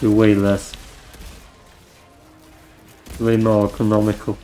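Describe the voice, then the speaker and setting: A man with a German accent and vocal fry, giving rambling, joking commentary while playing a game into a desk mic. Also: mid-range voice, fairly even intonation, unhurried, mellow, faint music behind, low-quality recording. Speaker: gamer. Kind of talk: gameplay commentary.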